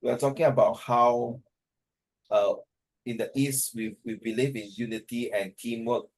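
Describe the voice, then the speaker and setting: A man's voice: mid-range voice, steady tone, normal speed, rough recording. Tired man teaching online. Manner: hesitant, rambling, mixes in Mandarin. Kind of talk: online class discussion. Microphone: video call.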